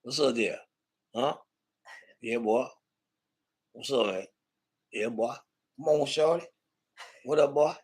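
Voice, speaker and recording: A man's voice: mid-range voice, takes it slowly, long pauses, darkish tone, husky, low-quality recording. A man hosting a loose, profane livestream, rambling and laughing with heavy slang. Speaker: livestream host.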